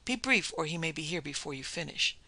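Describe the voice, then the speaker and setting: A narrator voicing Dr. Silence, a calm, earnest gentleman doctor who speaks quietly and gently. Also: a little high, brisk, gravelly, exaggerated voice.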